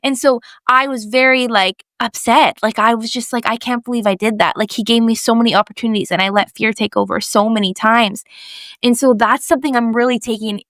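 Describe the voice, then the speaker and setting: A young woman with a fairly high voice chats casually on a faith podcast. She tells a story with lively, animated delivery, acting out each person's lines and saying "like" a lot. The sound is dry and close. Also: a little fast, no echo. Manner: animated storyteller, acts out quoted voices, lots of "like". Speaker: podcast co-host.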